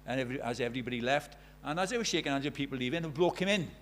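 Preacher, storytelling sermon. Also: male voice, medium pitch, lively intonation, racing, fairly bright tone, a little hiss or hum. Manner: storytelling, building to emphatic appeals.

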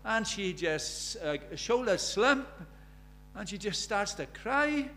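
High-voiced preacher, emphatic. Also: male voice, expressive, slow pace, fairly bright tone, a little hiss or hum. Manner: emphatic, rhetorical questions, storytelling. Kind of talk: sermon.

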